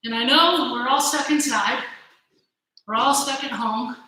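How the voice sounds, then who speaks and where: A woman's voice: high voice, measured pace, sharp tone. Upbeat woman coaching kids, very echoey room. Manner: encouraging, counting and cheering through drills. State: out of breath. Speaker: gymnastics coach. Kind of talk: virtual fitness class instruction. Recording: very echoey room, faint noise.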